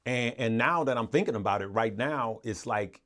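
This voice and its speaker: A man's voice: medium pitch, moderate pace, fairly bright tone. A man hosting a live stream, chatting casually with viewers in an earnest, motivational way, rambling with frequent restarts and repeated words. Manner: rambling and repetitive, with restarts and stammers. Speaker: livestream host.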